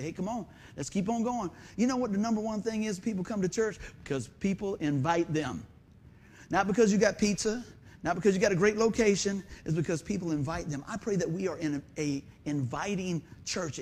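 Husky folksy preacher man. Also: sits high. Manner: folksy storytelling with lively quoted voices. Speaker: pastor. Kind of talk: sermon. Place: church sanctuary.

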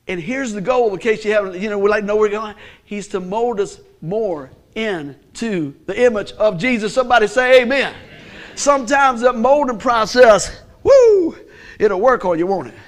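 High-voiced pastor preaching with humor. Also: male voice. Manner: conversational, humorous preaching, call-and-response. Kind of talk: sermon.

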